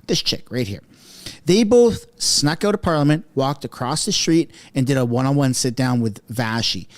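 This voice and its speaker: A man's voice: medium pitch, moderate pace, no echo. A man hosting a casual online commentary show, chatty and mocking, talking straight to his viewers. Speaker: political commentary host.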